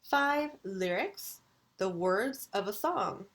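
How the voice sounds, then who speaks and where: Slow, careful woman lecturer. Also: medium pitch, lively intonation, a bit bright. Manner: slow, deliberate enunciation of vocabulary. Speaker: university English lecturer. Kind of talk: recorded video lecture.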